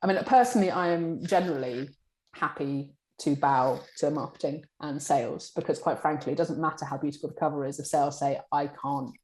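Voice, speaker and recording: Low-voiced woman, chatty. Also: a little fast. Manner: chatty, animated, acts out colleagues' lines. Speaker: publishing director. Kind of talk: podcast interview answers. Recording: echoey room.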